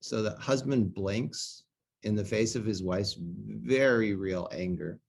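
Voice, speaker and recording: Animated storytelling middle-aged man. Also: fairly low pitch, slow pace, gravelly, slightly rough. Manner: animated, laughs often. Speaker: co-host and presenter. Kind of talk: storytelling talk.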